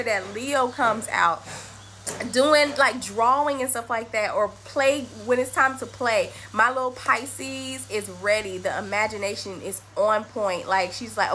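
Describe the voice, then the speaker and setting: Animated young mom talking to camera. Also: female voice, a little high, moderate pace, a little hiss or hum. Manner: animated, acts out her daughter's lines. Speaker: mother and astrology vlogger. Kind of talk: casual chat to camera.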